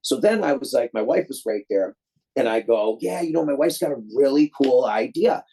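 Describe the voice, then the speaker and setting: A man's voice: medium pitch, expressive, moderate pace, warm tone, husky, low-quality recording. A man from Detroit, a guest filmmaker, telling a long story in a loose, rambling way and acting out the voices of the people in it. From Detroit, USA. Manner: rambling, acts out quoted voices; loose, many fillers and restarts. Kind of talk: casual storytelling.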